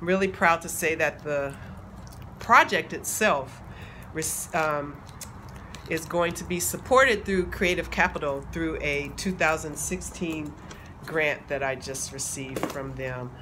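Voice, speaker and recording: A woman, excitedly chatting to her viewers, laughing and calling them y'all. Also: deep voice, unhurried. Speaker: playwright unboxing a project deck. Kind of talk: casual vlog talk. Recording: background noise.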